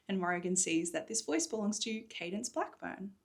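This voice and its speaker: A woman's voice: medium pitch, animated, normal speed, a bit bright. A woman, an author enthusiastically recapping and reading from her own book, recorded in a hotel room. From Australia. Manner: enthusiastic, chatty, with laughs. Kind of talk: chatty readalong recap mixed with book reading.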